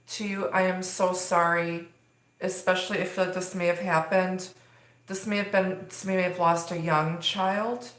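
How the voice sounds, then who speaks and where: A woman giving a live tarot reading, talking in a rambling way with many fillers. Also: on the low side. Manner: rambling, filler-heavy delivery. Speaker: tarot reader. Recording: echoey room.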